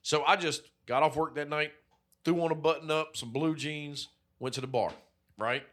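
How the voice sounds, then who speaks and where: Profane, rambling bright-voiced man. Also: a little high, steady tone, normal speed. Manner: profane, rambling storyteller with lots of fillers. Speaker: podcast co-host. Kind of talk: casual chat.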